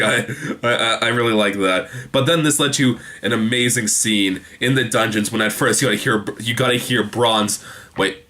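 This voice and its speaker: A man's voice: mid-range voice, pushed and bright. A young man casually recapping a TV episode, rambling with lots of fillers and restarts. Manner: rambling, many fillers and restarts, quotes characters in quick voices. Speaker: TV show reviewer.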